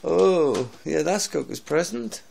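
A father in a casual home video, gently and playfully coaxing his toddler through opening a present. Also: a little high, lively intonation, slow, vocal fry, background noise. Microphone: phone.

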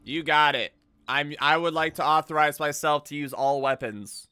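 A man streaming a video game, giving excitable, jokey commentary and swearing often. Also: on the high side, moderate pace, clear, resonant tone. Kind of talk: casual gaming commentary.

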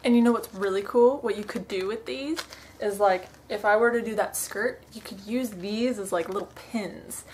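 A young woman vlogging an unboxing, gushing and excitable, with frequent gasps and soft whispers. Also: medium pitch, normal speed, a little hiss or hum, low-quality recording. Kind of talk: unboxing vlog.

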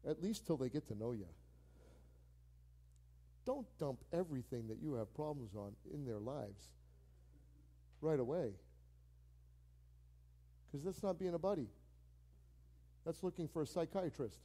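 A male pastor delivers a lively sermon with a fairly high voice for a man. He leans on repetition to drive his points home and slips into playful voices when he acts out phone calls. It sounds like a church service. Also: a little slow, long pauses. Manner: animated, repeats key phrases for emphasis.

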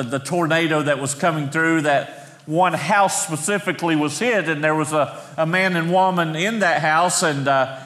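Middle-aged male pastor, higher voice, storytelling sermon, long reverb in a church hall. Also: pushed and bright. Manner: storytelling, slows for emphasis. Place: church sanctuary.

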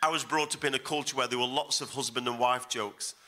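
Bright-voiced man preaching a sermon. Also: mid-range voice, steady tone, brisk. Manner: emphatic, repeats phrases for effect. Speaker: guest pastor. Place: church service.

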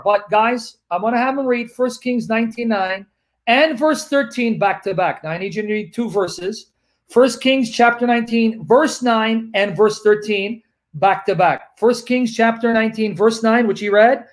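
A man's voice: high voice, normal speed. A man hosting a livestream, teaching from scripture and hammering his points home with repetition. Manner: emphatic, repeats points for the audience. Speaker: livestream host. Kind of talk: teaching Bible study talk.

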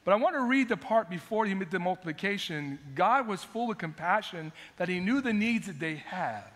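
Brisk and expressive, this male pastor's voice sits high with a fairly bright tone. He preaches emphatically in a church sanctuary, repeating his points and calling for amens. A long hall reverb trails his words.

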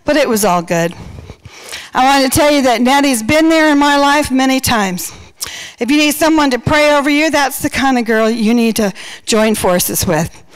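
In a church, this woman delivers a funny wedding toast full of stories and playful quoted voices, a little breathless; she's also a church singer. Her high-pitched voice is animated and clean-toned at a moderate pace, captured with poor audio.

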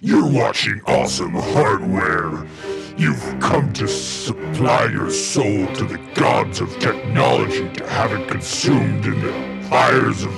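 A grand, over-the-top show announcer, put on by a man, shouting each word very slowly with a low, gravelly rumble. Loud guitar music fills the background behind the voice. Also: full character voice. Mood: booming. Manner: dramatic, shouted, drawn out.

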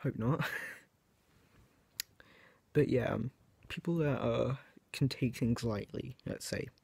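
Slow and creaky, with a breathy edge and a somewhat mellow, medium-pitched tone, a teenage boy rambles to camera without echo. As a video creator, he hesitates, corrects himself frequently, and leans on "um" and "like."

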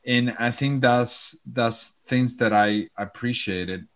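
A man talking as a podcast guest, earnest and warm in content, often repeating and restarting his phrases. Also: mid-range voice, slow pace. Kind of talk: casual chat.

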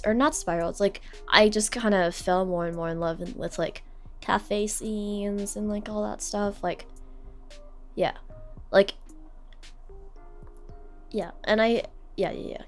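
A woman's voice: medium pitch, moderate pace, long pauses, faint music behind. A young adult woman streamer telling a personal story in a casual, rambling way, full of fillers and sentiment. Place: home streaming setup.

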